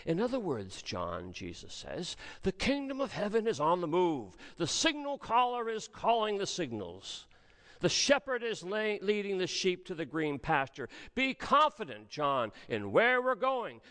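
A man preaching a sermon as pastor, with measured delivery and dramatic pauses. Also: high-pitched, wildly swooping pitch, fairly bright tone, long reverb tail.

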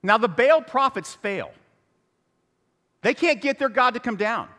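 A man's voice: extremely high pitch, unhurried, in a large hall. A man preaching a humorous sermon as pastor, telling the story with jokes and asides. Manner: animated, joking storyteller. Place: church sanctuary.

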